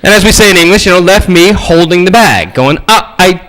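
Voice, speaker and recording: Animated, high-voiced male preacher. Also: fast talker, poor audio. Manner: animated, acts out voices in his stories. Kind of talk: storytelling sermon.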